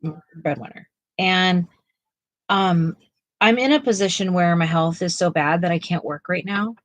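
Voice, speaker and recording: A middle-aged woman with a voice on the low side co-hosts a live art stream, chatting casually while painting. She speaks at a measured pace, rambling with lots of fillers and restarts, and the poor audio has a little hiss or hum.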